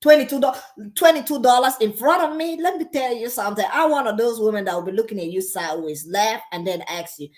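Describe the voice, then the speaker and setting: A woman's voice: on the high side, fast talker, darkish tone. A woman hosting a reaction video, giving sassy, emphatic casual commentary and laughing often.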